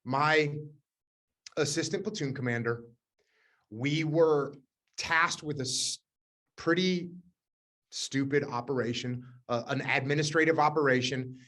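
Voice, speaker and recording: A man's voice: a little high, unhurried, long pauses, fairly bright tone. A man hosting a live leadership coaching session, telling stories in a direct, emphatic way and repeating key words.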